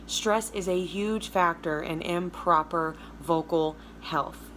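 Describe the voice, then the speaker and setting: A woman vocal coach with a Southern American accent and a low alto speaking voice, giving a chatty, emphatic lesson straight to her viewers. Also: takes it slowly, fairly bright tone, slight background noise. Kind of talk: casual video lesson.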